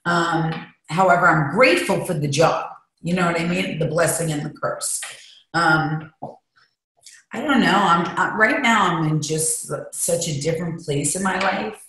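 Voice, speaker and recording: A woman's voice: on the low side, a little slow, fairly bright tone. A woman guest talking candidly and emotionally, rambling as she shares her feelings in an interview. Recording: echoey room.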